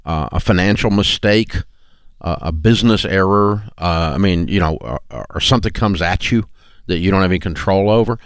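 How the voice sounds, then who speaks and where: Low-voiced blunt folksy male host. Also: smooth, no echo, studio quality. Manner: blunt, folksy, rambling with restarts. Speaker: radio show host. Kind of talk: casual talk show chat.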